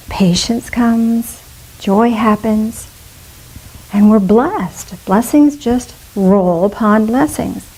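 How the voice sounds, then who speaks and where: A woman's voice: fairly high pitch, slightly rough, low-quality recording. Chatty woman giving a casual sermon. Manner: warm, chatty and playful, with soft gushing voices when imitating. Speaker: minister leading a spiritual fellowship.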